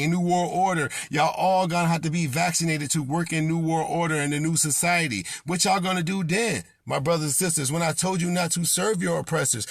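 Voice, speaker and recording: A man's voice: fairly high pitch, creaky, dry recording, studio quality. A man preaching an impassioned sermon as a self-styled prophet, scolding and confronting his listeners with repeated rebukes.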